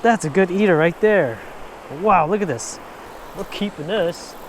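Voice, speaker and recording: Excitable high-voiced young man outdoors. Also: measured pace, slight background noise. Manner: excitable, bursts into exclamations and laughs. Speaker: fishing vlogger. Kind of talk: casual on-the-spot commentary. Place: outdoors at a river spillway. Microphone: action camera.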